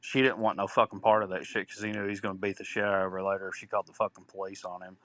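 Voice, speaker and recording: A man's voice: low-pitched, little pitch movement, rapid-fire, fairly bright tone, a little hiss or hum. A man telling a rambling, profane story, acting out both sides of an old argument. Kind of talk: casual storytelling.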